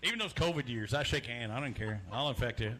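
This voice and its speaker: A man's voice: mid-range voice, animated, quick pace, pushed and bright. A man hosting a live outdoor fishing weigh-in, joking and chatty as he calls out names and weights. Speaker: weigh-in emcee. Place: outdoor lakeside weigh-in stage.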